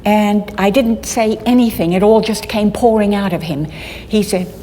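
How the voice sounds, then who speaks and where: A woman's voice: medium pitch, mellow. Older woman telling her story in a hall. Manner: halting, with frequent restarts. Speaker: conference speaker. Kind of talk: personal storytelling talk. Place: conference hall. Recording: long hall reverb, faint background noise.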